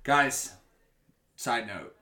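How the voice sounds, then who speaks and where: A man's voice: mid-range voice, lively intonation, very slow, sharp tone. A man co-hosting a podcast in casual chat, joking and swearing freely. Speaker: podcast co-host.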